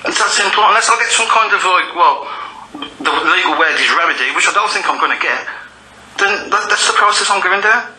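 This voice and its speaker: A man's voice: high-pitched, lively intonation, brisk, pushed and bright, roomy sound. A man on a recorded phone call, shaken and angry, pressing a complaint and repeating himself insistently. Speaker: tenant making a complaint.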